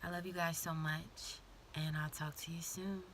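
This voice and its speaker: A woman giving a casual, heartfelt vlog talk to her viewers, often dropping into soft whispers. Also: deep voice, little pitch movement, normal speed, background noise. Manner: warm, intimate, drifts into soft whispers. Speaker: vlogger. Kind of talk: casual motivational talk to camera.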